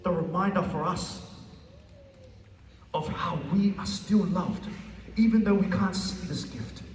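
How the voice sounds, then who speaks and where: Earnest pastor, echoey hall from afar. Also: male voice, sits high, darkish tone, far from the mic, slight background noise. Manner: earnest, repetitive, halting restarts. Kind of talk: sermon with storytelling.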